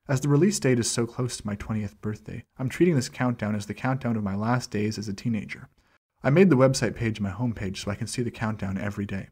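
A man reading a personal journal aloud in a steady, measured first-person delivery, with dates read out slowly. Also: fairly low pitch, breathy edge. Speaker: channel host reading a document aloud.

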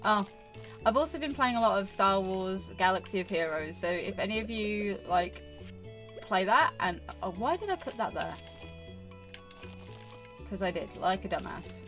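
A woman's voice: mid-range voice, normal speed, fairly bright tone, faint music behind. A woman chatting casually while playing a farming game for her channel, rambling and scolding herself with many fillers. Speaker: gaming YouTuber. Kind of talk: casual gameplay commentary.

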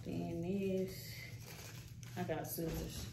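Casting: an aggravated woman vlogger with a low voice, recorded from a distance with noise in the background. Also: flat delivery, drawn-out words, creaky. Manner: chatty, talks straight to viewers, swears casually. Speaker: nail technician vlogger. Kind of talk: casual vlog chat. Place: small nail salon room, indoors. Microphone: camera set down at a distance, no tripod. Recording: echoey room, distant mic, background noise.

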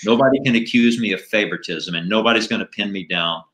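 Brief: middle-aged male comedian guest, low voice with a bright edge, animated stories. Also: fast talker. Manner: animated anecdotes with jokes. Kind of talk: casual storytelling interview.

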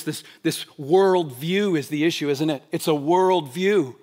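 A man preaching a sermon as pastor. He asks the congregation rhetorical questions, drives points hard, then drops to a hushed, quiet delivery. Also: on the high side. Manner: animated preaching, rhetorical questions, swings between loud emphasis and hushed quiet. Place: church sanctuary.

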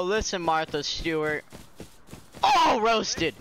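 A man casually commenting on his own gameplay, excitable and prone to sudden loud yelling and laughter. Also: on the high side, normal speed, a little hiss or hum. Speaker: gaming video creator.

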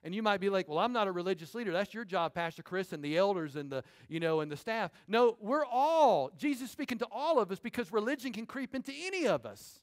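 In a church sanctuary, a pastor with a high voice gives an animated sermon, tossing quick remarks to the congregation as he goes.

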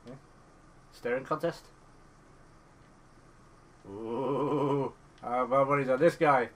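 A man's voice: medium pitch, takes it slowly. A man hosting a let's play, giving sarcastic, joking commentary on the game and swearing often. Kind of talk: gameplay commentary.

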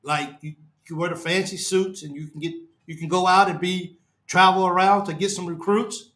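Distraught man ranting, high bright voice. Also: steady tone. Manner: upset, halting, repeats himself, trails off low. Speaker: fan podcast host. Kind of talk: emotional live-stream rant. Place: his apartment.

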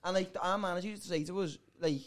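A man co-hosting a casual comedy podcast, swearing and telling rambling, animated stories. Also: high voice, fast. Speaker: podcast co-host.

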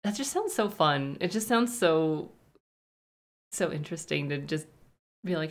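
A woman's voice: deep voice, fairly quick. A young woman hosting a movie reaction, chatting casually and reading trivia in a gushing, rambling way.

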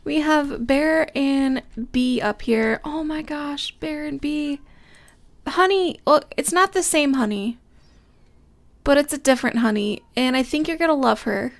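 A young woman hosting a casual gameplay commentary, gushing and excitable, often squealing with delight. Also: sits high, a little slow. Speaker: Minecraft let's play host.

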